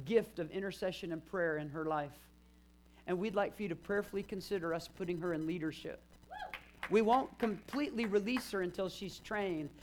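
A man's voice: sits high, a little hiss or hum. A man in his fifties, a pastor preaching a sermon and telling stories of church members with emphatic rises. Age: 50s. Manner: storytelling, retelling conversations, emphatic rises.

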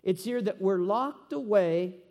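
High-voiced preacher man in a reverberant hall. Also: unhurried. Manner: animated preaching, reading scripture aloud, asking the congregation questions. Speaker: pastor. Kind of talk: sermon.

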